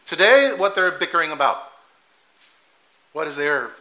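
A man's voice: a little high, big pitch swings, unhurried, sharp tone, low-quality recording. A man preaching a sermon in a conversational way, laughing at his own asides and correcting himself as he goes.

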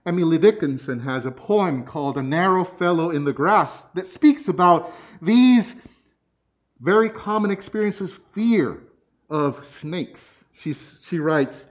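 A man's voice: high-pitched, unhurried. A man preaching a sermon, telling personal stories. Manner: lively storytelling, personal anecdotes.

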